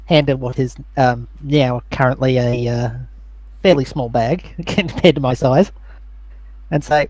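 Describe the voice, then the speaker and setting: A man's voice: medium pitch, wildly swooping pitch, slow pace, pauses often, darkish tone, dry recording. A man playing a tabletop role-playing game, talking in character with a laid-back, wry manner. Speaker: player.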